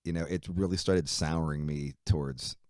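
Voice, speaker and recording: Deep low-voiced guy telling a story, swears a ton, dry close sound, middle-aged. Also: moderate pace, dry recording. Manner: profane, animated retelling with frequent fillers. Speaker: musician guest. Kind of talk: casual storytelling interview.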